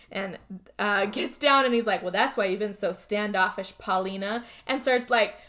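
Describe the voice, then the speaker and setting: Woman, podcast co-host, casual chat, animated retelling, acted-out quotes. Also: medium pitch, moderate pace. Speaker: podcast co-host recapping a film.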